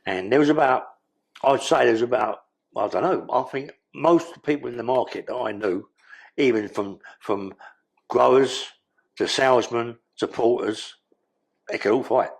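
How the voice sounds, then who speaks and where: A man's voice: mid-range voice, moderate pace, creaky, slightly rough. An older man with a London accent telling his life story in an interview, blunt and streetwise, swearing freely. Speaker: guest.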